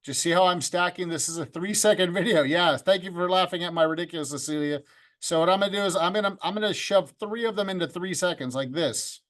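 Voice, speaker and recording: This video club instructor has a high-pitched, slightly bright voice and a quick pace. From a home room with a green screen, he teaches video editing online, joking cheerfully and speaking to students by name.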